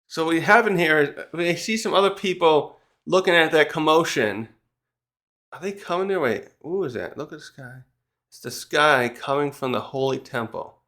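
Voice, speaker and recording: A man's voice: on the high side, a bit bright. A man casually recapping a manga chapter in a rambling, chatty way, with frequent restarts and small laughs.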